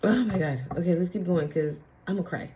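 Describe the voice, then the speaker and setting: A woman's voice: on the low side, fast, muffled recording, noisy background. A young adult woman giving a casual spiritual reading, chatty and emphatic, with slangy fillers. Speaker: spiritual reader. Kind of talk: casual tarot-style channeled reading.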